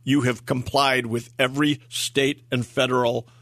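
A man's voice: medium pitch, little pitch movement, unhurried, a bit bright, dry recording. Man, radio co-host, casual, rambling, lots of fillers, dry close mic. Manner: rambling, with many fillers and restarts. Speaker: auction company co-host.

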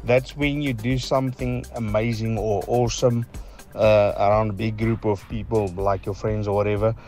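A man's voice: lowish voice, little pitch movement, normal speed, a little mellow, soft background music. A man calling in to a radio show with a casual voice note, rambling through fillers as he tells his answer. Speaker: caller.

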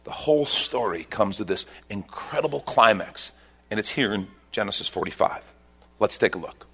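A man preaching a sermon, retelling a scripture story and leaping up in pitch at its dramatic turns. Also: normal speed, husky. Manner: animated storytelling, voice rising sharply at dramatic points. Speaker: pastor.

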